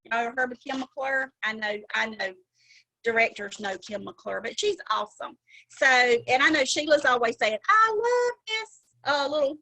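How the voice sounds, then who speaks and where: A woman's voice: a little high, lively intonation, moderate pace, sharp tone, rough recording. A middle-aged woman with a Southern drawl, giving a chatty, folksy sales training talk on a video call. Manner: chatty, folksy, laughs often. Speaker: sales director.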